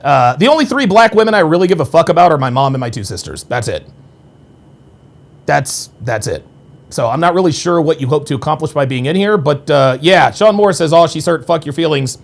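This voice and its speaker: A man's voice: sing-song, fairly quick. A man hosting a live-stream podcast, reading viewer chat aloud and firing back in a combative, profane way. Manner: combative and profane, swings between low mutters and sharp high outbursts.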